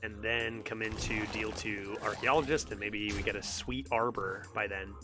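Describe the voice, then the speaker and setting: A man's voice: fairly low pitch, fairly even intonation, moderate pace, over music. A young man streaming a card game, talking casually and rambling, repeating words as he goes. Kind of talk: casual live game commentary.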